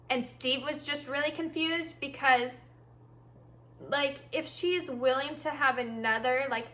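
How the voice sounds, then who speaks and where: Podcast lady telling a storytime, super animated and fed up, bright sharp voice. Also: high-pitched. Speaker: podcast host.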